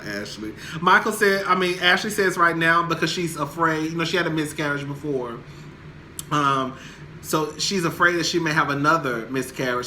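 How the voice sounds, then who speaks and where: A young man casually recapping a reality TV episode, sassy and animated, laughing often as he gossips. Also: fairly high pitch, a little hiss or hum.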